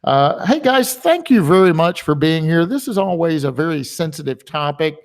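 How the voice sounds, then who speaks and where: A man's voice: fairly high pitch, lively intonation, normal speed. A man hosting a webinar in a rambling, chatty way, full of filler words. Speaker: webinar host. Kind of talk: casual webinar talk. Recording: long hall reverb.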